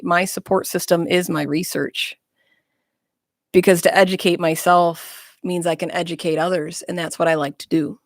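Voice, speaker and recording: A woman's voice: lowish voice, dry recording. A woman guest speaking frankly and bluntly in a casual interview chat, with self-mocking humor, in a small studio.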